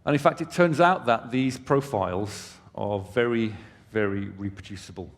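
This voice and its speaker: A fairly low-pitched male voice, moving at a moderate pace, belongs to a company presenter on a conference hall stage. He explains things conversationally and tosses casual asides to the audience, with a long hall reverb in the background.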